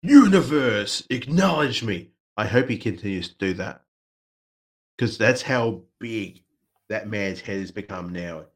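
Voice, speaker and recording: A man's voice: on the low side, fairly even intonation, unhurried, fairly bright tone. A man co-hosting a casual wrestling chat, playful and swearing freely, slipping into mocking voices. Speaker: podcast co-host.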